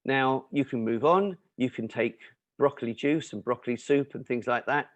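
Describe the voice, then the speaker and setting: A man gives an explanatory Q&A talk about nutrition, lecturing with emphatic asides and the odd filler. His voice sits at an ordinary male pitch. The sound is dry and close, with no room echo. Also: moderate pace. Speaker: nutrition and cancer speaker answering questions.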